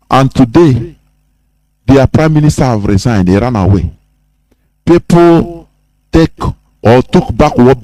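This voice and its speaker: A Nigerian man with a fairly high voice hosts a radio talk in an impassioned, preaching manner. His pitch swings widely and he breaks into shouts. The sound is dry and close to the mic. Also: no echo, low-quality recording. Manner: fiery, preaching, bursts into shouting. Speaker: radio host.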